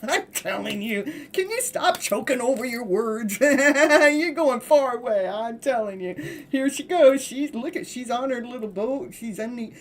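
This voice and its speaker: A woman's voice: fairly high pitch, animated, measured pace, a little hiss or hum. A woman giving a live tarot reading in a chatty way, laughing often and acting out voices for the figures in the cards. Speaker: tarot reader.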